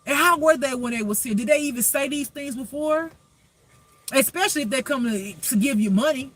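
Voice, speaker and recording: A man's voice: very high-pitched, fairly quick, fairly bright tone. A man giving a spiritual reading as a life teacher, preaching emphatically with rhetorical questions.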